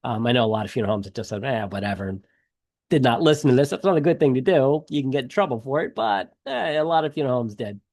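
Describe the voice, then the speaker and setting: A middle-aged man walks students through an exam review in a loose, talky way, stopping for "um" and "you know" and rephrasing as he goes. His voice sits at an ordinary pitch for a man. The recording is dry and close, with no room sound. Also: animated, fast, darkish tone, dry recording. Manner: conversational, many fillers and restarts. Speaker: instructor.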